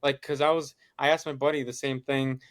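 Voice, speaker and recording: A man's voice: mid-range voice, level tone, brisk. A young man co-hosting a casual sports podcast, heated and swearing as he retells conversations with friends. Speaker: podcast co-host.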